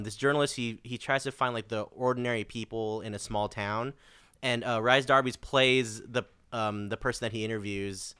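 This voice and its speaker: A man's voice: fairly low pitch, bright, forceful tone, clean tone, no room sound. A man co-hosting a podcast, chatting casually and rambling with lots of fillers. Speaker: podcast co-host. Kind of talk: casual chat.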